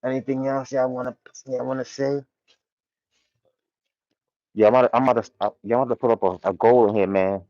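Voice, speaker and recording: A man's voice: mid-range voice, flat delivery, fast, pauses often, a little mellow, dry recording, muffled recording. A man hosting a casual livestream, talking in loose, slang-heavy commentary and reading chat from a warehouse. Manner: loose, laid-back slang-heavy commentary with frequent laughs. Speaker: livestream host.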